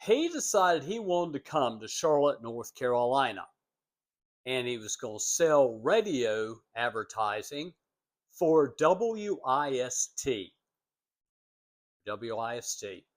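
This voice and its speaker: Slow-talking man with a wildly swinging voice. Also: big pitch swings. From United States. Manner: rambling, acts out quoted voices with big pitch jumps. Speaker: vlogger telling family stories. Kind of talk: casual storytelling monologue.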